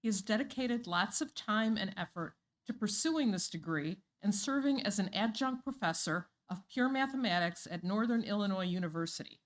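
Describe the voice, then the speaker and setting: A woman's voice: medium pitch, animated, normal speed, few pauses. A woman board member reading announcements at a school board meeting in a friendly way.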